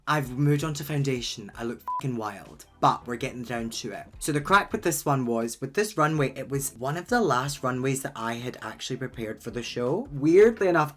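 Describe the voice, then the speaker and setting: A young drag queen talks straight to camera while putting on his makeup. He tells the story like juicy gossip and bursts out loud at the big reveals. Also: mid-range voice. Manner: animated, gossipy storytelling with sudden loud outbursts. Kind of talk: casual chatty recap while doing makeup.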